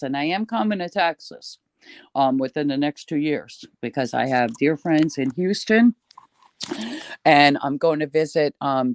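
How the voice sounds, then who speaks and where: Retired New York man, talkative storyteller, higher voice, close dry sound. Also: no echo. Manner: chatty storyteller, lively and swearing now and then. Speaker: guest. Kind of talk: casual chat.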